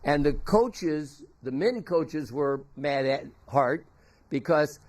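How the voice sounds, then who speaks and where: An older man speaks at a memorial, his voice sitting a little high for a man. He tells homespun stories in a folksy, halting way, circling back and restarting his sentences as he goes. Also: lively intonation, darkish tone. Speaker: former teammate giving a tribute. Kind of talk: memorial tribute storytelling.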